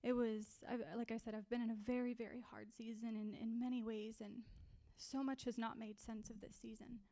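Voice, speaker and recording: A woman preaching and sharing a personal testimony, halting and repeating herself, often breaking into tearful crying. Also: a little high, little pitch movement, warm tone. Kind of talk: sermon.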